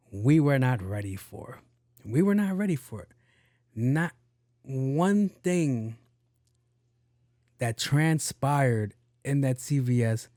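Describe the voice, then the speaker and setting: Male podcast host, casual profane storyteller, mid pitch, dead-dry sound. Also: no echo. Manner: animated, profane, acts out dialogue.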